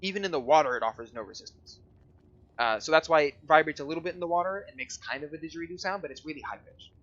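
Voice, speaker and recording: A man's voice: fairly high pitch, fast talker, fairly bright tone, lo-fi sound. A man running a tabletop game as dungeon master, describing scenes in a rambling, hesitant way with many fillers.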